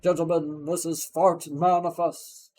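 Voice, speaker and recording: A man putting on a loud, grandiose male infomercial announcer voice with drawn-out salesman delivery. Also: fairly high pitch, level tone.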